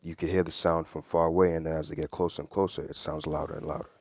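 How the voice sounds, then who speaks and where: Man, deep low voice, casual Bible study teacher, earnest conversational explaining, dry close sound. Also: level tone, fast talker, gravelly, a little mellow, no echo. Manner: earnest, conversational, reads verses then explains them.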